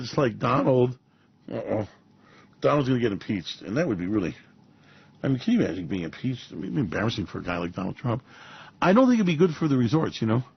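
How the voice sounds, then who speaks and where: A man's voice: medium pitch, breathy edge. A man hosting a show, giving a rambling, sarcastic commentary monologue with frequent chuckles, mocking and theatrical in tone. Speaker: show host. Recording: dull lo-fi recording.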